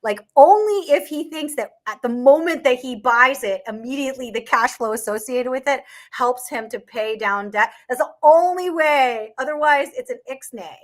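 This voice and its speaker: A woman's voice: high-pitched, lively intonation, normal speed, few pauses. A woman in a casual online chat, talking through an investment topic with frequent laughs, fillers and restarts. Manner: chatty, laughs often, many restarts and fillers. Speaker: market commentator.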